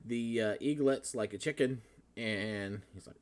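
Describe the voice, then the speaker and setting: A man's voice: on the low side, measured pace. A man running a tabletop game as game master, talking casually with frequent fillers.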